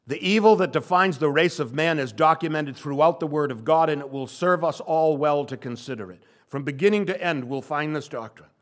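An older male pastor giving a sermon, stressing and repeating key phrases. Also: on the high side. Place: church sanctuary.

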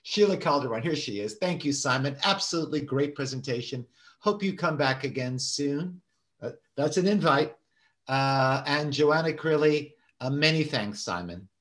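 A man's voice: a little high, lively intonation, moderate pace, fairly bright tone. Hesitant man hosting an online meeting. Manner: hesitant, many "uh"s, friendly. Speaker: meeting host. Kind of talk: moderating a Q&A, reading out comments.

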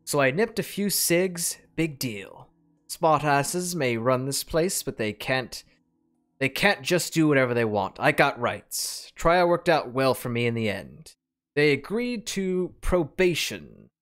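Man reading as a defiant male convict writing his game log, put-on accent, unhurried. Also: mid-range voice, expressive, fairly bright tone, faint music behind. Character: male convict test subject, cocky and defiant.

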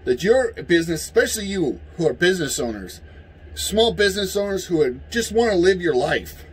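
Angry vlogger, male, high husky voice, swears freely and yells. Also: very animated, a little fast, rough recording. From United States. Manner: heated, profane, yelling at times. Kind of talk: angry political rant.

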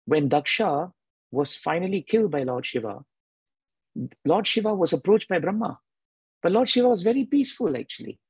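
A man giving a devotional sermon with a husky voice, emphatic and repeating key phrases. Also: sits high, very animated, moderate pace, pauses often, dry recording, rough recording. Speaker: devotional speaker.

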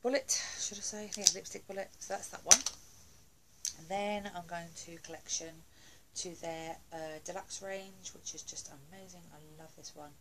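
A woman's voice: on the low side, steady tone, moderate pace, very noisy. A woman doing a casual beauty haul video at home, chatty and gushing, with lots of fillers and asides. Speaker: beauty vlogger.

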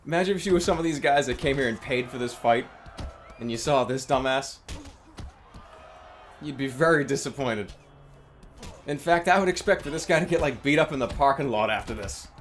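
A man commentating his gameplay with loud, exasperated ranting. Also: medium pitch, a little fast, long pauses, soft background music. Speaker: streamer.

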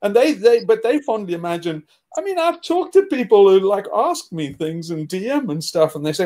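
High-voiced man ranting, heated and profane. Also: lively intonation, normal speed, few pauses, mellow. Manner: profane, agitated, emphatic; scornful with bursts of laughter. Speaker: podcast host. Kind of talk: ranting discussion.

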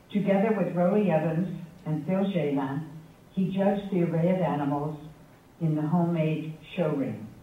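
A high-voiced man delivers a prepared tribute in an unhurried, wry storytelling manner. He sounds thin and phone-like, caught from a distance in a very echoey hall. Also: a little hiss or hum. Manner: measured storytelling with a wry, affectionate tone. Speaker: tribute speaker at a memorial forum. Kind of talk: prepared anecdotal tribute speech. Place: university forum hall with audience.

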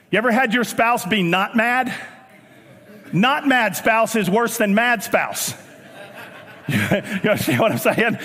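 A man with a Southern US accent preaching a sermon as pastor, animated, with joking asides and bursts of shouting. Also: high-pitched. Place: church auditorium. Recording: long church hall reverb.

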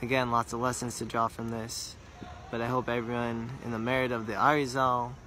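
A man telling a religious story earnestly, repeating words for emphasis and slowing down on details. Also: medium pitch, level tone, sharp tone, a little hiss or hum.

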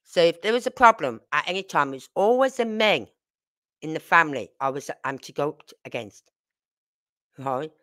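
Blunt, forceful woman. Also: deep voice, expressive, normal speed. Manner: blunt, salty, tells stories with acted quotes. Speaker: channel host. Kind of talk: casual storytelling to camera.

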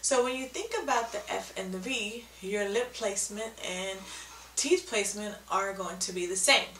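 A woman's voice: medium pitch, normal speed, a bit bright, reverberant, recorded from a distance, a little hiss or hum, poor audio. A woman giving a patient, step-by-step video lesson on speech sounds, often checking in with "okay?". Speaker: speech therapy teacher.

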